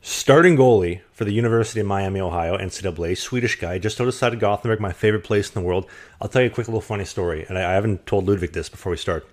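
Fast-talking joking male podcast host. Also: lowish voice. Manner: joking, rambling, self-mocking. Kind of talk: casual podcast chat.

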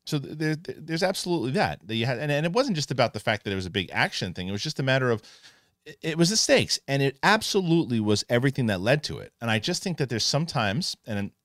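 A man hosting an online show, giving a casual spoken review of a TV episode, animated and full of restarts. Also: mid-range voice, dry recording, studio quality. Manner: animated, restarts often, acts out characters in quick asides.

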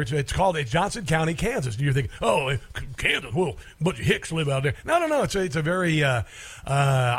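Middle-aged male talk radio host, fairly high voice, emphatic and rambling, opinionated monologue. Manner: rambling, emphatic, many fillers and restarts.

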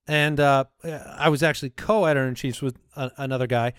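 A man's voice: mid-range voice, steady tone, a little fast, fairly bright tone, clean tone, no echo, studio quality. A man co-hosting a comedy podcast, telling rambling, self-deprecating stories in casual chat. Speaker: podcast co-host.

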